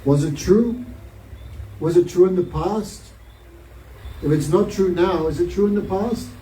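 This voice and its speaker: A man's voice: high-pitched, a little slow, mellow. A man teaching a devotional class, telling a scriptural story and asking his listeners many rhetorical questions. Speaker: spiritual teacher. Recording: roomy, distant mic, faint noise.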